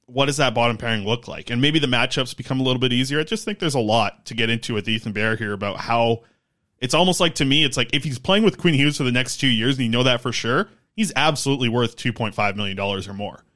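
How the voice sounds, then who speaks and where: A man's voice: mid-range voice, quick pace, pushed and bright. A man co-hosting a casual sports podcast, working through stats and contract numbers. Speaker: podcast co-host.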